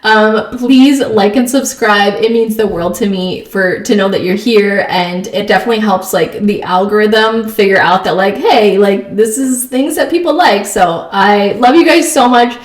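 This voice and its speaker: A woman's voice: mid-range voice, normal speed, hardly any pauses, distant mic. Woman host, casual storytelling chat, filler-heavy and laughing, echoey room. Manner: chatty, many fillers, laughs while telling stories. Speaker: podcast host.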